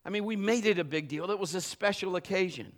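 A man's voice: sits high, fast talker. A middle-aged man preaching a live sermon in a church, emphatic and building to fervent exhortation. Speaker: pastor. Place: church service.

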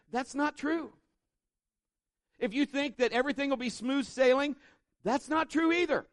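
A pastor with a very high-pitched voice preaches at a church service in a casual, conversational way. He tells animated stories and acts out the quotes, and the studio sound is clean with no echo.

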